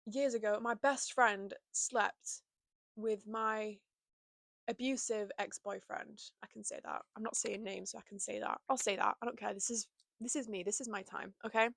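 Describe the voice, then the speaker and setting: A woman's voice: mid-range voice, moderate pace, vocal fry, dry recording. Chatty young woman vlogging. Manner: chatty, frequent "like" and "you know", animated. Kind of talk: casual confessional chat. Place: bedroom.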